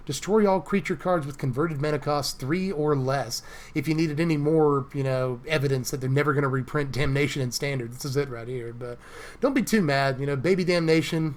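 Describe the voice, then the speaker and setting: Chatty man reviewing cards, a touch higher voice. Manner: chatty, with frequent ums and little laughs. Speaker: host. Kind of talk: casual card review commentary. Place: recording booth.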